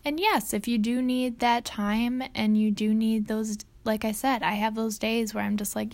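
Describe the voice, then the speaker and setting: A woman's voice: a little high, fairly even intonation, normal speed, hardly any pauses, a little mellow, dry recording. A young adult woman hosting a podcast, talking casually and earnestly, acting out quoted lines as she goes. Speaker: podcast host. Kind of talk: casual personal talk.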